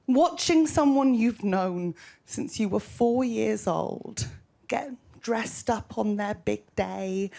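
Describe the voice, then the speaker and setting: A woman's voice: fairly high pitch, vocal fry. A young woman performing stand-up comedy, wry and exasperated, laughing between lines.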